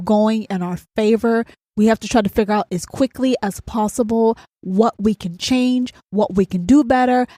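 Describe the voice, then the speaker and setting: A woman hosting her own podcast, ranting bluntly and provocatively with lots of profanity, often slowing down to stretch out words for emphasis. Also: mid-range voice, a little mellow, no echo, clean studio sound. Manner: slows to drawn-out emphatic words. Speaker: podcast host. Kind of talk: profane solo rant.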